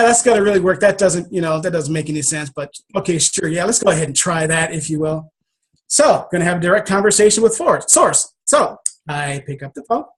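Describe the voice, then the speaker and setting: A man telling a personal story as an interview guest, in an animated, emphatic and casual manner, acting out scenes and swearing freely. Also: high-pitched. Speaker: author and guest.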